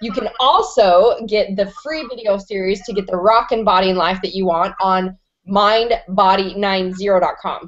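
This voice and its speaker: A woman's voice: mid-range voice, dull audio. A woman hosting an online interview show, enthusiastic and slangy, swearing freely and rambling as she talks. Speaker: host.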